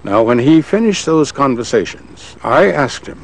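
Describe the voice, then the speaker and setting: A man recounting past events in an interview, slowly, acting out the voices he quotes. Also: mid-range voice, a little hiss or hum. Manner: slow, animated, acts out quoted voices. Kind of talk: archival interview storytelling.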